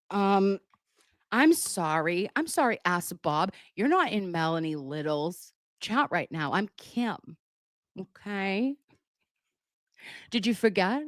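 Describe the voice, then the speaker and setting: A woman's voice: on the low side, very animated, unhurried, no echo, clean studio sound. A woman hosting a casual live stream on a webcam, chatty and joking as she reads viewer messages aloud. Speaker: livestream commentator.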